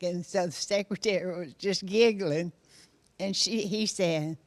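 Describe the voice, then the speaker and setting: A woman's voice: fairly low pitch, slow, pauses often. An older woman telling a funny story from her past, chuckling as she goes. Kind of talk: casual anecdote.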